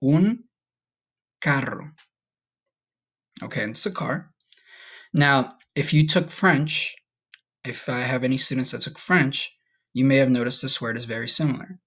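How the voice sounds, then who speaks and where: A man's voice: mid-range voice, moderate pace, a bit bright. A man teaching a recorded Spanish lesson to his class, friendly and checking in often with "okay?". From United States.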